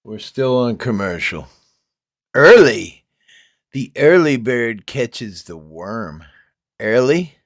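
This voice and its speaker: A man's voice: lowish voice, animated, takes it slowly, few pauses, no echo, studio quality. A man with toothless, gummy speech, chatting casually on a livestream, laughing often and reading comments aloud. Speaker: livestream host reading chat.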